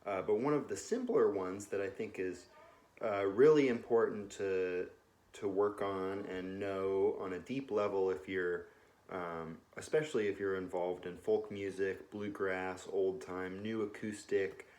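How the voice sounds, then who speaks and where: A young man with a fairly low voice teaches a music lesson from a couch at home. He talks in a relaxed, unhurried way, full of ums and uhs, and counts beats out loud as he explains. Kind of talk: casual instructional talk. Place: home living room, on a couch.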